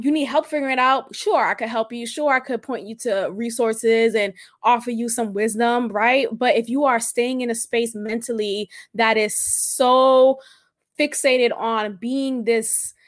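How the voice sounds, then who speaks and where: Emphatic high-voiced woman podcaster. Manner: emphatic and animated, keeps asking "right?". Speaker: podcast host. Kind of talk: casual solo podcast monologue.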